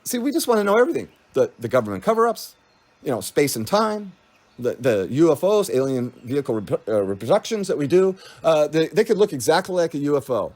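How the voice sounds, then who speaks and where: Man, rambling spiritual monologue, fairly high voice, lots of pitch swings, meandering. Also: very animated, a little fast, a little mellow. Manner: meandering, laughs often, trails off and restarts. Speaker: spiritual speaker.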